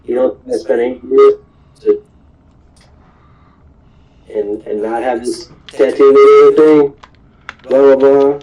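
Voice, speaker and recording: A man's voice: medium pitch, sing-song, slow, pauses often, dark tone, pitched above the performer's own voice, rough recording. A man doing an indignant young pirate woman. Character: defiant young female pirate thief.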